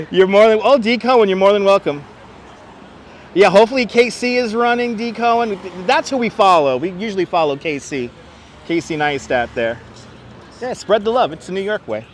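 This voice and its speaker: A man's voice: high-pitched, animated, normal speed, pauses often. A man hosting a live stream as he walks through city streets, chatting and greeting viewers by name while reading the chat aloud. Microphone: wireless clip-on mic. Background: faint street and traffic noise.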